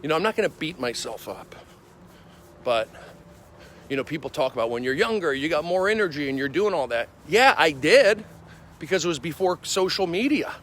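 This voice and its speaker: A male comedian livestreaming on his phone while walking city streets, rambling excitably with repetitive bursts of loud emphasis. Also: on the high side, moderate pace, a little hiss or hum. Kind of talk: rambling walk-and-talk livestream.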